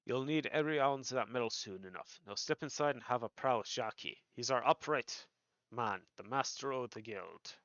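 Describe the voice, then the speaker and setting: Male reader as a gruff thieves' guild recruiter, muttered cant, lo-fi sound. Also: moderate pace, a bit bright, no room sound, close to an everyday voice. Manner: low, muttered thieves' slang.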